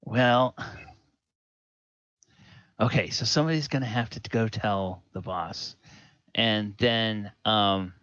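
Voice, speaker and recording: A man with a low voice runs a tabletop game, narrating slowly and rambling with plenty of fillers. The recording is lo-fi and dry. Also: a bit bright, no echo. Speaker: dungeon master.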